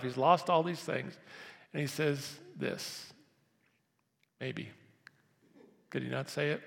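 A man preaching a sermon as pastor, moving between quiet, hushed stretches and loud, emphatic passages. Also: fairly high pitch, creaky. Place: church sanctuary. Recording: long reverb of a church hall.

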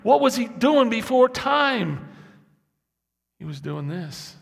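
A man in his sixties preaching a sermon, swinging from low, quiet asides to loud, impassioned peaks. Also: lively intonation, measured pace, vocal fry. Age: 60s. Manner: impassioned, building to loud emphatic peaks then dropping low. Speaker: pastor. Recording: echoey hall.

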